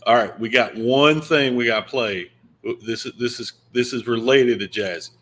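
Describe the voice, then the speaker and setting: A man's voice: medium pitch, moderate pace, a bit bright. A man with a Kentucky accent hosting a podcast, laid-back and joking. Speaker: podcast host. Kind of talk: casual podcast chat.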